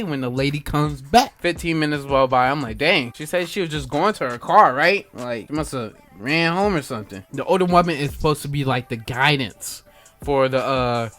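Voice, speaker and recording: A man's voice: mid-range voice, fairly quick. A young man hosting a podcast, casually telling a story in slangy talk and acting out the voices of the people in it. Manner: animated, acts out customers' voices in quotes; slangy, addresses listeners directly. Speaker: podcast host.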